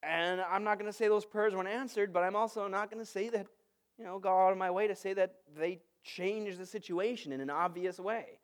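Male pastor, thirties, light high voice, chatty storytelling sermon. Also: a little fast. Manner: conversational, storytelling with lively asides.

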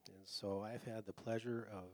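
A man on a church missions committee, introducing guest speakers in a relaxed, rambling way with many fillers. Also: fairly low pitch, moderate pace, no echo. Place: church sanctuary.

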